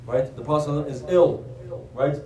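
A man's voice: on the high side, a little slow, dark tone. A man teaching a religious lesson, retelling a story and answering his own rhetorical questions. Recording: roomy sound from a distant mic.

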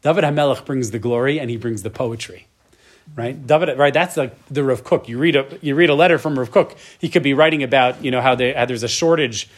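A man's voice: mid-range voice, a little fast. A man teaching a Torah class in a conversational way, often checking in with "right?" and building to emotional emphasis. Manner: conversational, tags many points with "right?". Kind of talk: lecture class.

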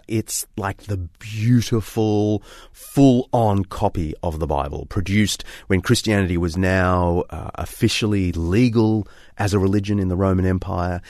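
Lively, low-voiced presenting man. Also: dry recording. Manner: enthusiastic, chatty explainer. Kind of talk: documentary presenting and narration.

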